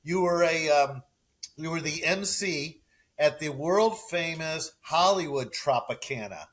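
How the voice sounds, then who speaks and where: Effusive male podcast host, slightly high. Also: measured pace, fairly bright tone. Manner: effusive, repeats fillers and restarts. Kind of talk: casual interview chat.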